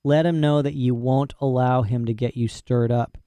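A man's voice: medium pitch, fairly even intonation, moderate pace, warm tone, smooth, dry recording. A man narrating a story in first person with a folksy, boastful manner and rural dialect grammar. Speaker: audiobook narrator.

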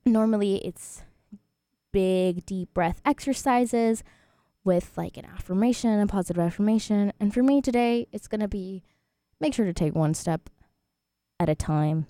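A woman's voice: mid-range voice, normal speed, warm tone, dry recording, studio quality. Chatty twenty-year-old woman radio host. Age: 20s. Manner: chatty, rambling, laughs often. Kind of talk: casual radio chat.

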